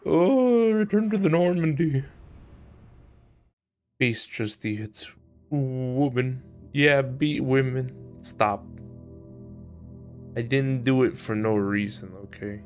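A young man offers laid-back live commentary while gaming, full of crude jokes and frequent laughs. His mid-range voice is a little mellow, slow, and marked by frequent pauses, with faint music in the background.

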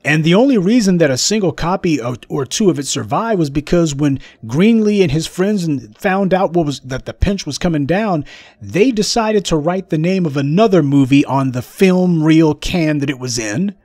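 A man hosting a political commentary monologue, forceful and sarcastic, lecturing his audience. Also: on the high side, expressive, normal speed, no room sound, clean studio sound. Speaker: host.

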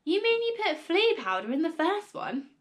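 A woman reading a storybook aloud, voicing an excitable, impatient middle-aged farmer father who keeps urging everyone on with exclamations. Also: very high-pitched, moderate pace, voice pushed up. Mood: excited.

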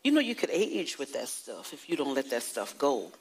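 Husky-voiced woman preaching a sermon. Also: extremely low pitch, huge pitch swings, rough recording. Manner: call-and-response preaching, dramatic slowed emphasis, acts out anecdotes. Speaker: prophetess preaching.

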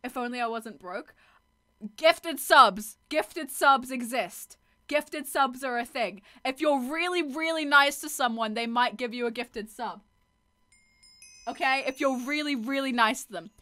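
High-voiced, bubbly woman streamer. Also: unhurried. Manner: excitable, laughs and swears often. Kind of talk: casual gaming stream.

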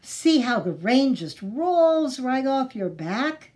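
A woman's voice: high voice, big pitch swings, slow pace, a little mellow, pitched above the performer's own voice, exaggerated voice. A woman voicing an encouraging mother duck in a storybook reading. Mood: cheerful. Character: cheerful, worried mother duck.

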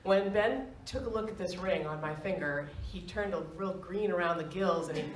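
Animated woman telling a story on stage. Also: on the low side, normal speed, a little hiss or hum. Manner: animated, laughs often, acts out quoted voices. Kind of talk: live storytelling. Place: stage in an arts center. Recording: roomy, distant live stage recording.

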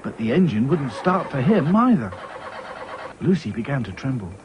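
A man narrating a children's story in a lively, expressive way. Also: mid-range voice, normal speed. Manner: lively, voices every character himself. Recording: slightly dull with faint hiss.

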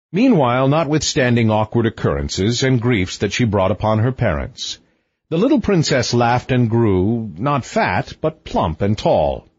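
A man narrating a fairy tale audiobook with expressive, sweeping intonation. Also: medium pitch, husky, no room sound, dull audio.

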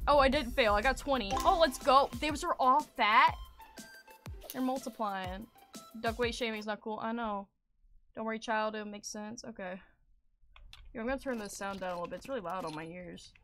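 A young woman streaming a game, talking casually in an excitable, rambling way and swearing often. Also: fairly high pitch, normal speed, faint music behind. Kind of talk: casual gaming commentary.

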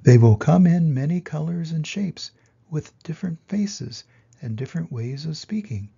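An ancient, gentle she-turtle speaks with calm wisdom, read by an older man. The voice is gravelly and husky, dark in tone, and unhurried. A slightly dull, lo-fi home recording. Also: a little high, voice pushed up, exaggerated voice. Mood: solemn. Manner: slow, solemn storybook reading.

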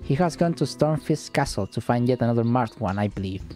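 Brief: man doing a grave, formal adventurer, mellow and dark. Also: mid-range voice, animated, fairly quick, soft background music, lightly acted.

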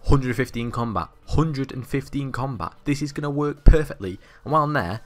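A man's voice: mid-range voice, fairly quick. A young man, host of a gaming channel, giving cocky, boastful gameplay commentary full of banter and swearing.

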